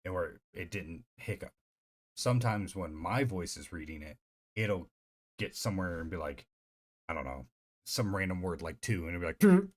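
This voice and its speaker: A man's voice: sits low, normal speed. A man streaming live, chatting casually in a rambling, profane way full of fillers. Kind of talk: casual livestream chat.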